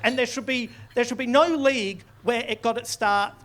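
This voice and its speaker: A man's voice: extremely high pitch, steady tone, normal speed, noisy background. A man with an Australian accent doing live stand-up, sardonic and swearing, turning mock-outraged. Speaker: stand-up comedian. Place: comedy club stage, live audience laughing.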